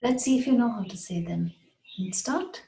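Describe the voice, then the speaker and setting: A woman teaching English pronunciation in a patient way, saying each word slowly and repeating it. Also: medium pitch, expressive, creaky, mellow, echoey room, poor audio. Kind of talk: slow, deliberate pronunciation lesson.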